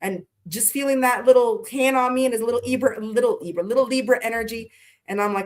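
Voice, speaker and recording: A woman's voice: on the high side, fast, darkish tone. Blunt, chatty woman tarot streamer. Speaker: tarot reader. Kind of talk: casual live-stream tarot reading.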